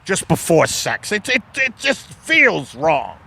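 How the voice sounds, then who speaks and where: A man's voice: on the high side, wildly swooping pitch, slow pace, vocal fry, bright, forceful tone, breathy edge, pitched above the performer's own voice, heavily acted. A man voicing a defensive, exasperated middle-aged husband.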